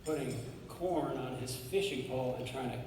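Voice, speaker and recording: A man with a Southern Arkansas accent, from Arkansas, giving an unhurried award acceptance speech with pauses and fillers. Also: mid-range voice, a little mellow, slight background noise. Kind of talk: warm acceptance speech with anecdotes. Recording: echoey hall, from far off.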